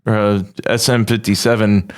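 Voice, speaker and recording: A man's voice: fairly low pitch, little pitch movement, measured pace. A man co-hosting a casual podcast, playful and rambling, often losing his thread. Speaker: podcast co-host.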